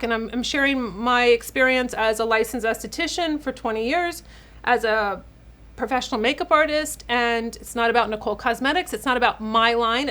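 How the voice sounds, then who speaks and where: A woman's voice: high-pitched, a bit bright. A woman in her forties talking straight to camera in a chatty, emotional beauty vlog, calling her viewers ladies and getting teary at times. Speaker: beauty channel host, esthetician. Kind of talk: casual direct-to-camera vlog.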